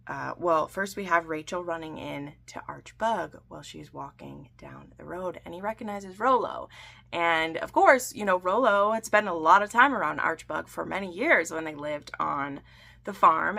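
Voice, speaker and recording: Recapping a TV episode for her vlog, this woman is chatty and gushing, peppering her talk with fillers, ums, and asides. Her low-sitting voice has vocal fry and a sharp tone at a moderate pace.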